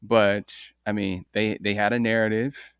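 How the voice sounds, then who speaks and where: A man's voice: lowish voice, level tone, unhurried, clean tone, dry recording, studio quality. A man co-hosting a show who chats easily about a song and often repeats words while he searches for them. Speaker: co-host reviewing songs. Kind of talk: casual review chat.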